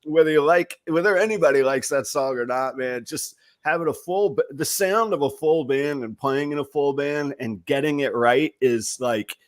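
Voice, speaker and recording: A middle-aged man hosting a podcast, chatting casually and telling animated, salty stories. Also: on the high side, normal speed, hardly any pauses, no echo, clean studio sound. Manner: animated, swearing storyteller. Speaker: podcast host.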